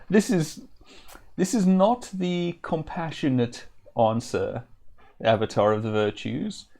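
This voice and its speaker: Gravelly man musing over a game. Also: on the high side, steady tone, slow pace, darkish tone. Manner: casual, thinking aloud, hesitant fillers. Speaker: streamer. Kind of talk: live-stream gameplay commentary.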